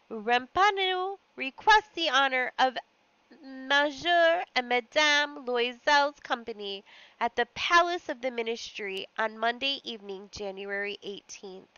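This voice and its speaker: A woman reads a story aloud for a lesson, her voice bright and crisp. She brings expression to the reading and sometimes stops to explain a word. The recording is dry and a little dull. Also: a little high, no room sound. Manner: expressive reading with short asides and small slips. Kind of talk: read-aloud lesson narration.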